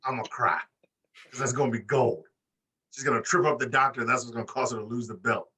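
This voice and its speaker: A man's voice: medium pitch, fast, breathy edge, distant mic, rough recording. A man co-hosting a casual wrestling podcast, talking animatedly and swearing freely. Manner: animated, swearing, mimics wrestlers in put-on voices. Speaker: podcast co-host. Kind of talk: casual chat.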